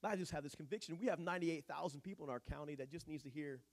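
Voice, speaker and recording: A male pastor preaching a sermon in an animated, joking, conversational way. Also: a little high, rapid-fire.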